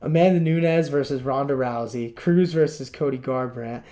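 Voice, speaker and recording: Podcast dude chatting casually, mellow warm voice, keeps laughing mid-sentence. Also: male voice, mid-range voice, moderate pace. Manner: rambling, laughs often, animated retelling. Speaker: podcast co-host. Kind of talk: casual chat.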